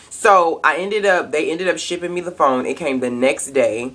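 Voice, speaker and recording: A woman's voice: deep voice, normal speed, hardly any pauses, a bit bright. A young woman, ranting angrily and profanely in a casual webcam vlog. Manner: angry, profane, emphatic ranting. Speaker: vlogger.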